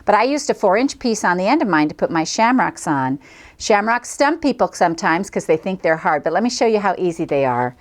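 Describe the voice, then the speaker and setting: A middle-aged woman with a mid-range, sing-song voice hosts a quilting tutorial at a brisk pace. She chats cheerfully and folksily as she demonstrates each step of this friendly craft lesson.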